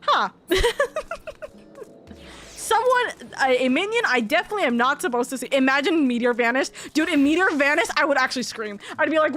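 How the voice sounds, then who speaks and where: Woman streamer, high pitch, excitable, foul-mouthed, soft game music behind. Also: brisk. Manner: excitable, profane, laughs often. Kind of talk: casual live-stream chatter.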